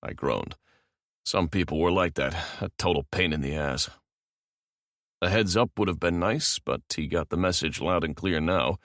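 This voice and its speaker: A man narrating a romance audiobook in a calm, measured manner. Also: low-pitched, no room sound, studio quality.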